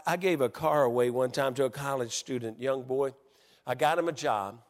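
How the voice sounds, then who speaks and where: A middle-aged man preaches in a voice pitched a bit higher than most men. He talks in halting bursts, restarting often, then swells into excited storytelling. His words ring with a long church-hall reverb. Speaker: pastor. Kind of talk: sermon.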